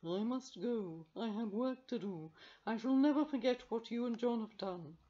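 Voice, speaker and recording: A woman voicing a dignified male magic cat who speaks slowly, solemnly and formally. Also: on the high side, mellow, dull audio, pitched above the performer's own voice, natural voice. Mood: grave. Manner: slow, solemn, formal speech.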